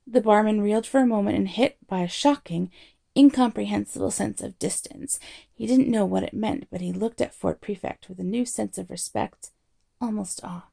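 A woman reading a novel aloud as narrator in a wry, measured storytelling manner. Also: medium pitch, creaky, warm tone, slightly rough.

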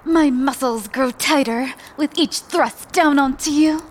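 A woman voicing a dominant horned reptilian warrior queen in an adult audio role-play, talking in a slow, commanding, sultry way. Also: sits high, slight background noise. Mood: heated.

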